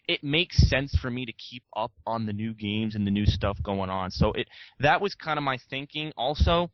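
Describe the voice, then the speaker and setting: A young man rambles frankly through a casual podcast interview, dropping the odd curse along the way. His voice sits at a middle pitch. It comes through dull and muffled, with no room sound around it. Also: no room sound. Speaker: guest YouTuber.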